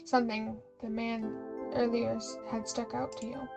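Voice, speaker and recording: A woman's voice: on the high side, little pitch movement, a little slow, creaky, over music, low-quality recording. A young woman streamer reading a story game aloud, breaking off into giggly, chatty asides. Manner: giggly, chatty, self-interrupting.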